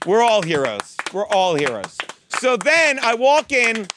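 A man, a podcast co-host telling a profane, animated comedic rant in a studio booth. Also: high voice, measured pace, background noise. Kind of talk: comedic rant, casual chat.

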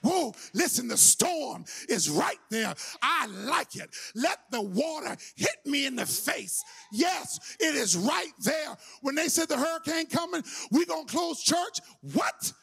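A man preaching a sermon as pastor, telling a story with shouting, playful energy. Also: very high voice, expressive, a little slow, vocal fry, hardly any pauses. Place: church sanctuary.

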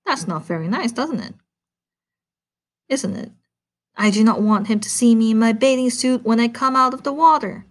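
A woman's voice: a little high, moderate pace, pauses often, voice pushed up, lightly acted. A woman voicing a fussy, self-conscious male toad in a read-aloud storybook, insistent and fretful.

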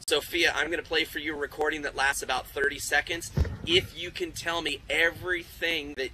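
A man's voice: a little high, steady tone, fairly quick, background noise. A man hosting a live online class field trip, quizzing school classes in an upbeat, encouraging way. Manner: upbeat, encouraging, praises kids. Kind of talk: live interactive quiz with classrooms.

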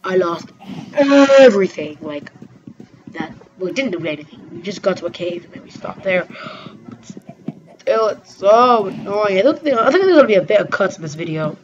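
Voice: medium pitch, animated, fast, noisy background. Gamer rambling thru a lets play, lots of "like", dull cheap mic. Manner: rambling with frequent "like" fillers, bursts into startled exclamations. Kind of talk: casual gameplay commentary. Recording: dull lo-fi recording with faint game music.

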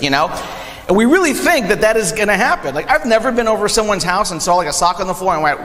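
A young man preaching a sermon, animated, acting out quick quoted asides in a church sanctuary. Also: high voice. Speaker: pastor. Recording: long hall reverb.

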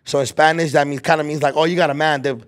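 A man's voice: on the high side, flat delivery, fast. A man in his twenties hosting a casual chat, telling a rambling story full of slang and filler words. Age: 20s. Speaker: podcast host.

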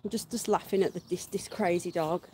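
A woman's voice: on the low side, fairly even intonation, brisk, mellow, slight background noise. A woman hosting a casual garden livestream, chatting to viewers and cooing baby talk at her dog with frequent laughter, recorded outdoors. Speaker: livestream host. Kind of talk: casual live-stream chat with pets and viewers.

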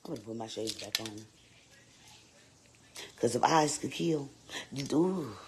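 A performer voicing a sassy, vain woman babysitter in a live-streamed comedy skit, loud and teasing, repeating lines and swooping up into squeals. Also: mid-range voice, animated, a little slow, background noise.

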